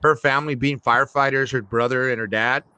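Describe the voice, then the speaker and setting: A man hosting a podcast, telling long, animated stories in a casual chat. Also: medium pitch, brisk, clear, resonant tone, no room sound. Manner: long-winded, animated storyteller. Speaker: podcast host.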